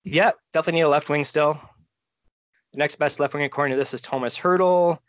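A man co-hosting a casual fantasy sports podcast, talking in a relaxed way and thinking out loud as he trails off. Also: on the high side, fast. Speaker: podcast co-host. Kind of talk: casual fantasy draft chat.

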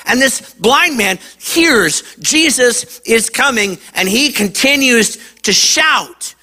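Animated high-voiced male preacher. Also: slow pace, few pauses. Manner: emphatic shouting at high points. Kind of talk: sermon to a young audience.

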